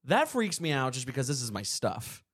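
A man's voice: medium pitch, very animated, fairly quick, fairly bright tone. A young man co-hosting a podcast, bantering bluntly and casually, with swearing in his talk. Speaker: podcast co-host. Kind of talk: casual chat.

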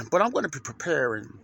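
A man's voice: a little high, very animated, moderate pace, creaky, pushed and bright, breathy edge. Rambling folksy man hosting a podcast. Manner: rambling and repetitive, with many fillers and restarts; folksy and religious, often saying "Lord's willing". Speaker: podcast host and minister. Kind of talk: casual podcast monologue. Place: inside a parked truck at his workplace.

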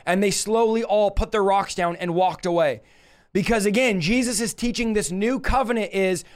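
A male preacher with a notably high voice teaches through scripture on a livestream. He talks emphatically and directly, stressing his points and calling out to the people watching. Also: fairly quick. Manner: emphatic, preachy, calls on viewers.

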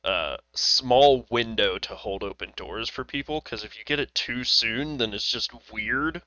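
A man from Texas co-hosting a casual podcast, animated and laughing often as he swears through stories. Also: medium pitch, measured pace, no echo, muffled recording. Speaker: podcast co-host. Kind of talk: casual chat.

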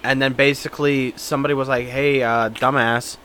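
A man's voice: medium pitch, level tone, brisk, pushed and bright, a little hiss or hum. A man co-hosting a podcast in casual chat, joking and laughing, acting out little mock conversations. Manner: joking, laughs often, plays out mock dialogue. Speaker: podcast co-host.

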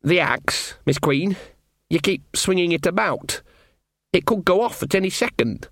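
A man's voice: sits high, expressive, measured pace, a bit bright, dry recording, clean studio sound, voice pushed up, heavily acted. A man voicing a nervous young boy at a castle, timid and stammering, in a comic fantasy audiobook. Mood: anxious.

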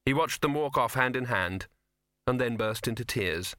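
Male audiobook narrator, measured storytelling, bright, dry close mic. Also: mid-range voice, lively intonation, no echo. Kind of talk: scripted narration.

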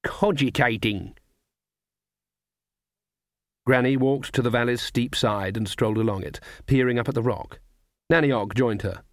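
A man narrating a comic fantasy novel in a dry, measured storytelling manner. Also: mid-range voice, no room sound. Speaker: audiobook narrator. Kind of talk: scripted narration.

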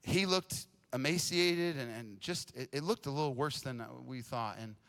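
A young adult man preaching a sermon as a pastor, telling a story in a casual, energetic way and often repeating words. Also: medium pitch, moderate pace. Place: church stage.

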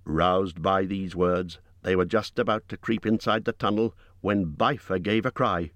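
Man narrating an audiobook, lowish voice, dramatic and measured, super dry studio sound. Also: a bit bright, no room sound.

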